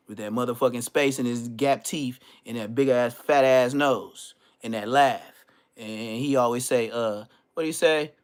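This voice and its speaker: A man hosting a livestream. He tells stories casually in loose street slang and acts out other people's lines. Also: medium pitch. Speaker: livestream host.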